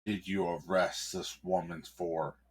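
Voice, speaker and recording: A man voicing an imposing, stern male mayor in an improvised story, drawing his words out slowly. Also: deep voice, little pitch movement, breathy edge, heavily acted.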